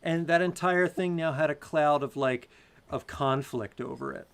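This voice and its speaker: A man co-hosting a comedy podcast, telling a story in a lively, laughing way. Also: fairly high pitch, moderate pace, smooth. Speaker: podcast co-host. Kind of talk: casual chat, storytelling.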